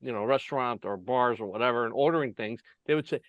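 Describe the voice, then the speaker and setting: A man's voice: mid-range voice, fast, no room sound, narrow, tinny audio. A man from the United States hosting a casual interview over a video call, telling stories with many fillers and frequent laughs. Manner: laughs often, lively storytelling with many fillers. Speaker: host. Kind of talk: casual chat.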